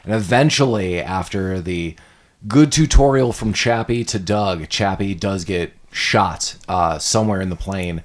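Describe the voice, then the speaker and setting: A man's voice: low-pitched, measured pace. A man co-hosting a podcast, rambling through a casual movie recap and acting out the scenes he describes. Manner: rambling storyteller, acts out scenes. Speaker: podcast co-host.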